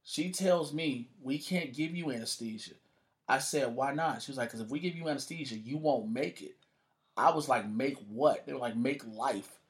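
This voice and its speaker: This man talks at a moderate pace with a medium-pitched voice, telling a story as a guest in a relaxed chat. His delivery is profane and lively, and he imitates the people he's quoting.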